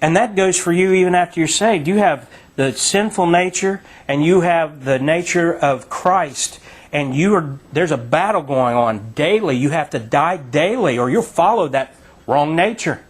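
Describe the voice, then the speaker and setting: A man's voice: on the high side, animated, a little slow, husky. A man with a slightly raised voice leads a Bible study. He talks conversationally with fillers and then presses his points with emphasis. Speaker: Bible teacher. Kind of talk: sermon-style Bible study.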